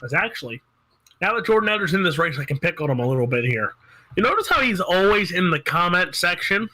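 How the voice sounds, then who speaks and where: Brief: male sim racing announcer, high and very bright voice, teasing banter. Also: big pitch swings, fast talker, low-quality recording. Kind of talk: play-by-play commentary.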